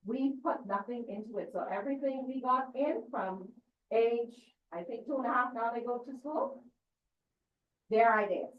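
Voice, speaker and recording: A woman's voice: a little high, moderate pace, a little hiss or hum. A woman giving a teaching lecture on scripture, checking in with her listeners with questions as she goes. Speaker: church lecturer. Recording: distant echoey dull room recording.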